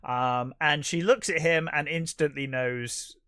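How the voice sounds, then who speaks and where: A man's voice: fairly high pitch, a little slow, fairly bright tone, clean tone, no room sound, studio quality. Rambling man recapping a film. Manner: rambling, lots of fillers and restarts. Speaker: podcast co-host. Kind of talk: casual film review chat.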